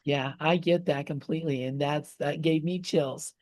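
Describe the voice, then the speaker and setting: A woman's voice: deep voice, fairly even intonation, normal speed, darkish tone, dry recording. A woman leading a study group on a video call, wrapping up the session. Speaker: group leader. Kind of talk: casual group facilitation.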